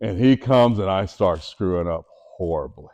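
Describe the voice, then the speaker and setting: A middle-aged motivational speaker with a low voice talks at a normal speed to a room of students. He tells his own story with animation, voicing the people in it, and puts direct questions to the audience.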